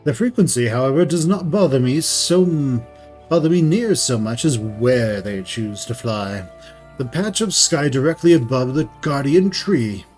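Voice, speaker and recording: A man reading a formal, worried gentleman. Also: mid-range voice, lively intonation, measured pace, faint music behind, close to an everyday voice. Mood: concerned. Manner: stiff, archaic, courteous phrasing.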